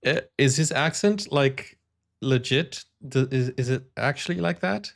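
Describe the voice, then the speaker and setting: A man's voice: mid-range voice, expressive, a little slow, gravelly. A man hosting a video reaction channel, chatting casually and wondering aloud as he tries out words. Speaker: YouTube reaction host.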